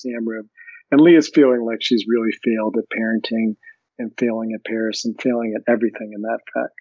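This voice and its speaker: A man's voice: on the low side, steady tone, fast talker, darkish tone, no room sound. Easygoing man discussing a book. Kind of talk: casual chat and book reading. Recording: dry, slightly muffled audio.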